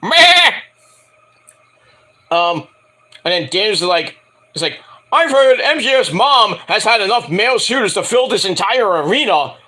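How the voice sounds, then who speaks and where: A man giving a casual, profane recap of a wrestling show, rambling, excitable and mocking. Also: high-pitched, normal speed, a little hiss or hum. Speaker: wrestling reviewer.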